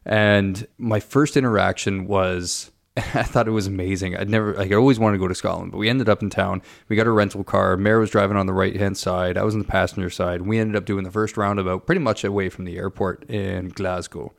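A man's voice: low-pitched, steady tone, brisk, vocal fry. A man in his thirties, co-hosting a podcast and telling a long travel anecdote with rambling asides and self-corrections. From Canada. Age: 30s. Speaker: podcast co-host. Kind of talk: casual storytelling.

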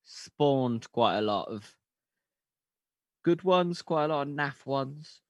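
A man's voice: mid-range voice, animated, takes it slowly, no room sound. A man co-hosting a film podcast, laid-back and casually swearing. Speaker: podcast co-host.

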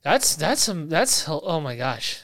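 A man hosting a casual sports chat, rambling, losing his thread and filling pauses. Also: on the high side, sing-song, a bit bright, no room sound, clean studio sound. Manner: rambling, loses his thread, many fillers. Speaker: podcast host.

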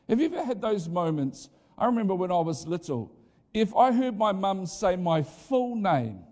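High-voiced man preaching with lively asides. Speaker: pastor. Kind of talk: sermon.

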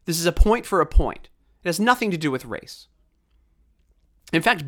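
A man's voice: on the high side, fairly bright tone. A man from Baltimore hosting a podcast, ranting in heated, sarcastic political commentary. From Baltimore, USA. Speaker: podcast host.

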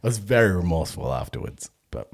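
A man's voice: sits low, very animated, fast, vocal fry. A young Australian man hosting a podcast, telling a story in casual chat, swearing freely and laughing as he goes. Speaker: podcast host.

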